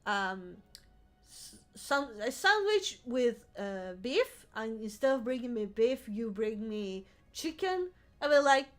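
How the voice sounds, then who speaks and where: A vtuber streamer tells a rambling story in casual live-stream chat, swearing freely and laughing a lot. Her voice is on the high side and animated, at a measured pace.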